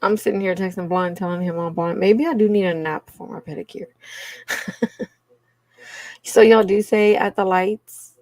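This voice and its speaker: Her mid-range, darkish voice moves at a normal speed but with long pauses, and there's no echo. She's a Cajun-accented woman hosting a livestream, casually talking with her viewers, often laughing and addressing them as y'all.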